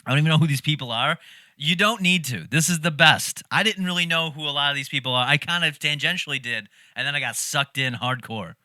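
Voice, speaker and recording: A man's voice: fairly high pitch, fairly quick, no echo, clean studio sound. A man hosting a reaction video, talking casually with lots of laughter and swearing. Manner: animated, laughs often, swears freely.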